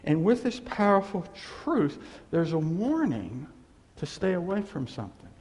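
Unhurried, a male pastor preaches with animation, his voice shifting between loud outbursts and quiet murmurs as it echoes through a reverberant church hall.

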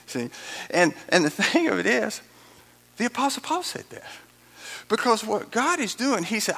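Preacher guy, high voice, repeats himself for emphasis, dramatic asides. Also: sing-song, moderate pace, vocal fry, pauses often, pushed and bright. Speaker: pastor. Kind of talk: sermon.

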